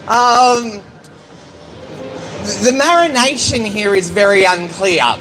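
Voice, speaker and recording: A woman's voice: medium pitch, takes it slowly, poor audio. A woman giving a blunt, indignant outdoor speech, swearing now and then. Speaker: rally speaker. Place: outdoor public speaking event.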